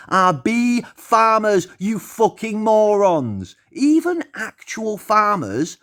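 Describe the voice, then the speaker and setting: Brief: male vlogger, argumentative swearing rant, very animated intonation. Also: high voice, slow, hardly any pauses. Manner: profane, heated and argumentative. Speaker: channel host. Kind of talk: ranting monologue vlog.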